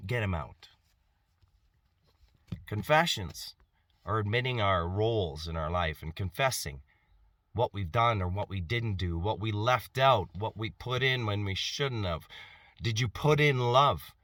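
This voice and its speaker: A man's voice: fairly low pitch, measured pace, fairly bright tone, no room sound. A middle-aged man delivering an emphatic personal monologue to camera, piling up rhetorical questions and repeating himself for effect. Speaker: vlogger.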